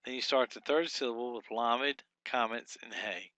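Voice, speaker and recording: A man walks through a workbook lesson one step at a time, thinking aloud and slowly sounding out each syllable. His voice is bright and forward at a middle pitch. The recording is close and dry, with no room sound. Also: no room sound. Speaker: Hebrew teacher.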